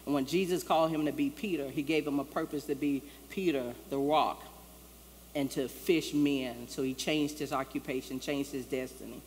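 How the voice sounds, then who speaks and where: A woman's voice: rumbling low, steady tone, normal speed, a little mellow, slight background noise. A woman pastor preaching a sermon in a loose, conversational way, acting out the lines she quotes. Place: church sanctuary. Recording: long church-hall reverb, faint ambience.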